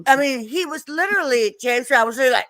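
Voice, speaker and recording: A woman singer, a podcast guest, telling an animated story. She is emphatic, swears she is telling the truth and repeats words as she starts her sentences. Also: sits high, fast, dry recording, poor audio.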